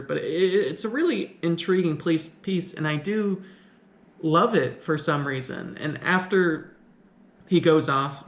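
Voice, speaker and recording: A man's voice: on the high side, gravelly, fairly bright tone. A man giving a casual film review, thinking aloud and questioning the plot as he goes. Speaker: film commentator. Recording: echoey room.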